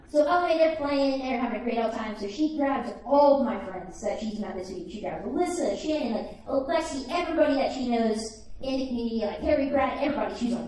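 A woman's voice: fairly high pitch, lively intonation, brisk, background noise. A woman in her twenties telling a personal story live, chatty and full of "like". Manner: chatty, peppered with "like". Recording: echoey room heard from a distance.

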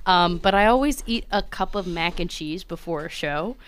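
A woman in a casual chat, rambling with a dry, deadpan humor. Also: lowish voice, normal speed, slight background noise.

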